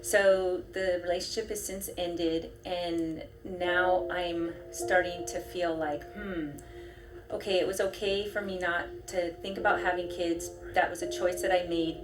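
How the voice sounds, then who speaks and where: A woman's voice: on the low side, flat delivery, unhurried, over music. A woman in her forties from New York, speaking candidly and emotionally in reality footage, often laughing. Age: 40s. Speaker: documentary subject.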